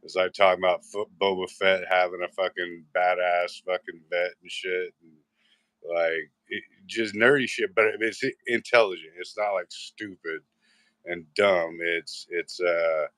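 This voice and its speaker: A man with a low voice rambles his way through a casual live-show chat, swearing freely and stopping to restart his sentences. The recording is dry and close, with no room sound around him. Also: fairly even intonation, measured pace, fairly bright tone, no room sound. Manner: rambling, profane, restarts often. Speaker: host.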